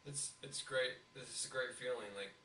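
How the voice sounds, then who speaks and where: A man's voice: mid-range voice, normal speed, pushed and bright. A young man talking bluntly and profanely in casual podcast chat. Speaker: podcast co-host. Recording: echoey room, mic at a distance, faint hiss.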